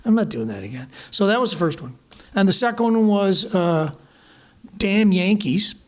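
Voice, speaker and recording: Canadian man telling lively stories. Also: high-pitched, moderate pace. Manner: animated anecdotes, acting out quoted voices, laughing. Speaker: guest musician. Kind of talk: storytelling conversation. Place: small live music venue.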